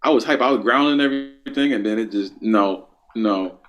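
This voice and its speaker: A man's voice: lowish voice, fairly quick, muffled recording. A man co-hosting a wrestling chat, stammering and repeating himself, sounding deflated. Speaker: wrestling podcast co-host. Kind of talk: casual chat.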